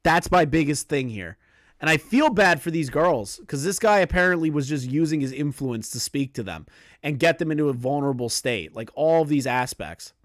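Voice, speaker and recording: Swearing, shrieking young livestream host. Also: male voice, on the high side, lively intonation, normal speed, no room sound, clean studio sound. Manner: swears freely, swings into loud shrieking disbelief. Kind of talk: casual livestream commentary. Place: his apartment.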